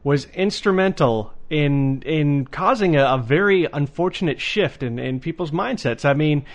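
A man's voice: on the high side, expressive, normal speed. Earnest guy co-hosting a podcast, kinda stumbly, repeats himself as he thinks. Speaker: podcast co-host. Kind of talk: casual podcast chat.

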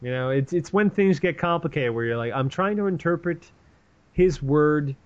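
Guy hosting, retelling a story in a rambling, sweary way, kinda high voice, dull lo-fi sound. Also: moderate pace. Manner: profane, animated, rambling. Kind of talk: casual comedic retelling.

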